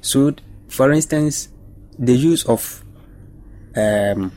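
A man, a panelist explaining Bible study in a measured, teaching way. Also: mid-range voice, warm tone.

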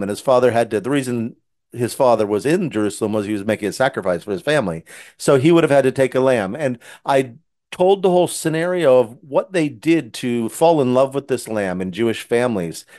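A man's voice: medium pitch, darkish tone. A man who writes Christian children's books, earnestly retelling one of his stories in casual conversation with frequent restarts. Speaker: Christian children's book author. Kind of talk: casual storytelling.

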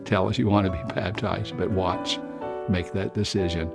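An older man gives an evangelistic sermon with earnest, pleading appeals. His voice sits low with a gravelly edge. Music plays clearly underneath him. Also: steady tone, moderate pace. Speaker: preacher. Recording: music playing behind.

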